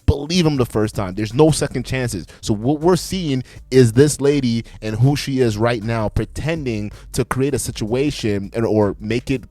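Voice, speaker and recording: A man hosting a reaction video, giving blunt, profane commentary and lecturing his viewers in a loose, animated way. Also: mid-range voice, moderate pace, few pauses, no echo.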